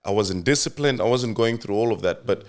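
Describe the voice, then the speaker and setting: A man's voice: fairly low pitch, a little fast. A man from Mozambique with a South African accent, telling his story in a casual interview with many fillers and restarts. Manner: reflective, with frequent fillers and restarts. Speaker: podcast guest, company CEO.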